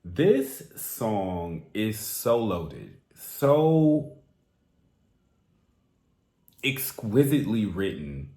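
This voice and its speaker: A man hosting a music reaction, talking straight to the singer in a theatrical, animated way. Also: lowish voice, drawn-out words, pauses often, reverberant. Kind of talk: casual song reaction commentary.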